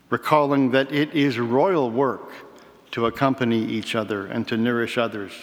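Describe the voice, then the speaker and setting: A man preaching a sermon in a measured, reflective way, with slow emphatic pauses. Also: medium pitch. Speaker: pastor. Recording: reverberant hall.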